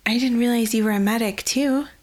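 A woman's voice: on the high side, steady tone, fairly quick, darkish tone, pitched above the performer's own voice, natural voice. A woman voicing a sensitive, earnest young woman who can hear dying trees, speaking in an anxious, earnest way.

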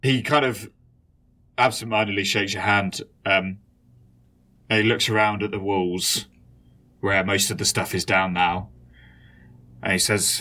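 A man narrating scenes as game master of a tabletop role-playing game, describing things in an unhurried way with fillers. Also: lowish voice, steady tone, pushed and bright.

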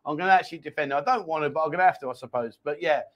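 A man hosting a live chat show, reading out viewer comments with teasing, jokey banter. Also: a little high. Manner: jokey, teasing, quick laughs. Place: Pattaya, Thailand.

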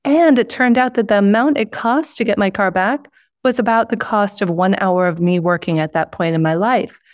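A woman hosts a conversational interview and tells an anecdote in an upbeat, quick-moving way. Her pitch is average for a woman, and the sound is dry and close. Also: no room sound. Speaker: host.

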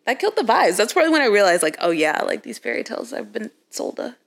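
A young woman co-hosting a podcast, telling stories in a rapid, animated, filler-filled way. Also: a little high, gravelly. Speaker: podcast co-host. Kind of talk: casual chat.

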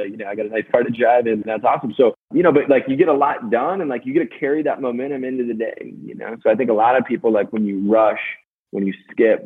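A man guest in a casual interview, telling stories fast and energetically with many fillers. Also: mid-range voice, slightly rough. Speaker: podcast guest, sales manager. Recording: tinny phone-line sound.

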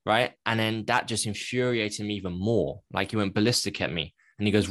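A low-pitched man speaks as a podcast guest, telling a personal story candidly and reflectively. He often stops to correct himself mid-sentence. The sound is dry and close, with no room around it. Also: brisk, hardly any pauses, fairly bright tone, no room sound.

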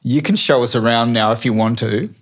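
An Australian man, a restaurant owner and podcast guest, telling a long story in a casual, halting way with many restarts. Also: medium pitch. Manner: rambling anecdotes, hesitant restarts, laughs at his own story.

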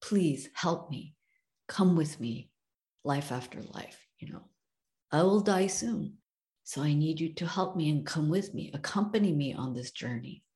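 A woman voicing an old, wealthy, sick husband who pleads with his wives, in a slow and low voice. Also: lively intonation, darkish tone. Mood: pleading.

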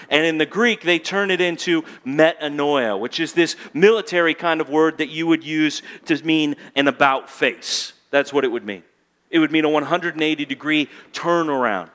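A man preaching a sermon as pastor, rising to loud emphatic peaks, then dropping to quiet intensity, and calling on the congregation to answer back. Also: on the high side. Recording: long hall reverb.

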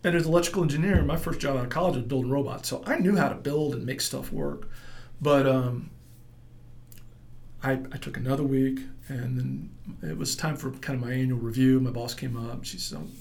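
Gravelly-voiced man telling his story. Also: medium pitch, brisk. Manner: rambling, animated storyteller acting out quotes. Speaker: entrepreneur guest. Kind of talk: storytelling in a casual interview.

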